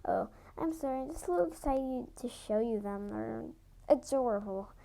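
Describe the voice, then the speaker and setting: A young woman voicing an excitable, kiddish young female cat warrior in her fan story. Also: on the high side, moderate pace, gravelly. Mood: excited. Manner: excited, giggly.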